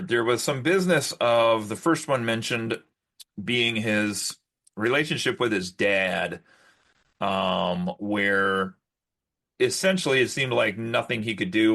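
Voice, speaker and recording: A man's voice: lowish voice, expressive, measured pace, a bit bright. A man co-hosting a podcast in casual chat, rambling and restarting often. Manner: rambling, with many fillers and restarts. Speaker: podcast host.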